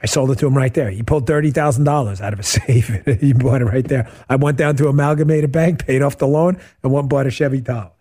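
A middle-aged man hosting a radio talk show, chatting casually and answering listener questions as an animated, joking storyteller. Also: mid-range voice, fast, few pauses. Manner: animated, joking storyteller who acts out quotes.

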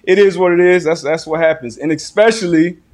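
A man in his thirties with a fairly high voice, speaking as a former player turned guest analyst. His takes are blunt and candid, full of street slang. He talks in a relaxed, conversational way. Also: brisk. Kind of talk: casual sports talk chat.

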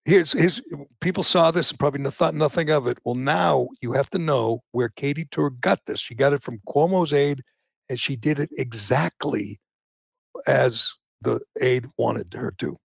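Gravelly, husky male talk host, indignant, prone to heated outbursts, dry sound. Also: mid-range voice, normal speed, dry recording. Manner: indignant, swings to loud outbursts. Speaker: podcast host. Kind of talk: opinionated political talk.

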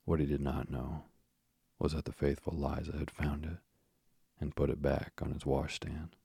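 Deep gravelly male storyteller. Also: flat delivery, normal speed, warm tone, no room sound, clean studio sound. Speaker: narrator. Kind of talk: audiobook narration of a classic children's story.

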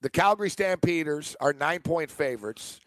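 Brash sports radio co-host, a man with a slightly high voice, dry close mic, opinionated betting talk. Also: expressive, moderate pace, fairly bright tone, dry recording. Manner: brash, opinionated, talks over his co-host. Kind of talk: casual sports betting chat.

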